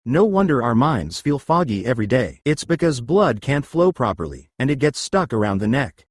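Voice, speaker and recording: A man talks listeners through stretches and breathing drills one command at a time. His voice is husky and dry, with no room around it. His pitch rises and falls in a lively way as he coaches. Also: moderate pace, dry recording. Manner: coaching, giving step-by-step commands. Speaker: exercise and breathing instructor. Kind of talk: guided exercise instruction.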